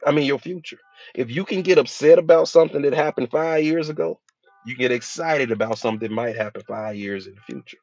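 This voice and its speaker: A man's voice: mid-range voice, no echo, muffled recording. A man, a hypnotherapist, giving a casual motivational talk and telling his own stories with quoted voices.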